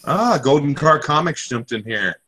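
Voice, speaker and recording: A man's voice: fairly high pitch, big pitch swings, normal speed, sharp tone, rough recording. A man hosting a casual comic book podcast, speaking hesitantly with many "um"s and repeated words. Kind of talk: casual chat reviewing comics.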